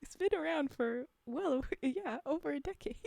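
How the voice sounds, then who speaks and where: A woman's voice: high-pitched, animated, normal speed, vocal fry, darkish tone, no room sound. A young woman streaming live, chatting casually and rambling with frequent giggles.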